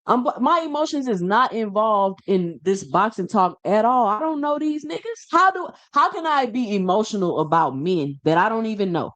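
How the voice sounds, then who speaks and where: A man's voice: high voice, animated, moderate pace, hardly any pauses, fairly bright tone. Emphatic man ranting about boxing. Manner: emphatic, repetitive, rhetorical questions. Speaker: boxing show host. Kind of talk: casual opinion rant to camera.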